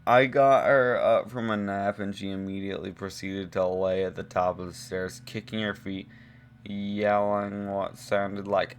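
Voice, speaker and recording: Man vlogger, casual reaction commentary, incredulous and mocking, lowish voice, faint music behind. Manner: incredulous, mocking, laughing, rambling with fillers.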